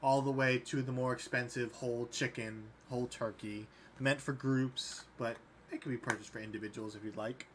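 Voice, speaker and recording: A man's voice: medium pitch, steady tone, moderate pace, few pauses, fairly bright tone, slight background noise. Casual man narrating as game master. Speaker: dungeon master.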